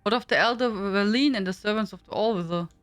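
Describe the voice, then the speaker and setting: A woman's voice: medium pitch, quick pace, no room sound, faint music behind, close to an everyday voice. An actress playing an earnest young female druid hero in video game dialogue, speaking steadily.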